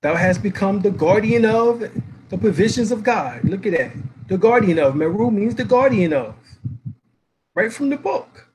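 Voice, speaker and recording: A man's voice: sits high, animated, normal speed, a little mellow, breathy edge, low-quality recording. A man lecturing, reading out dictionary references, spelling letters aloud and asking rhetorical questions.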